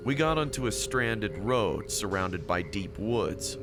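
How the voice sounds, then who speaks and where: Low-voiced man narrating a story. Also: big pitch swings, slow pace. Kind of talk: scripted first-person story narration. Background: music.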